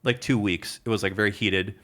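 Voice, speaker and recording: A man's voice: fairly low pitch, steady tone, fairly quick, a bit bright. Rambling, profane male podcast co-host. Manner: rambling storyteller, many fillers and profanity. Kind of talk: casual podcast chat.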